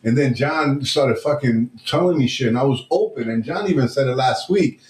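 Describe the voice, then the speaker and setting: A man in a casual podcast chat, talking loosely and excitedly with lots of swearing. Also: mid-range voice, moderate pace. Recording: roomy with faint background noise.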